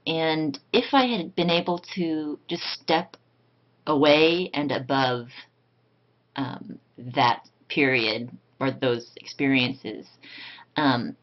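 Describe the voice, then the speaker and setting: Low-voiced woman crafting tutor. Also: lo-fi sound. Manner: reflective, many ums, soft-spoken. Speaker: card-making tutorial host.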